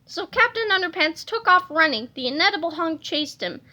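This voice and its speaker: A woman reading a children's storybook aloud in a lively, playful way, adding sound effects. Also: very high-pitched, a little fast. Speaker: reader of a children's book.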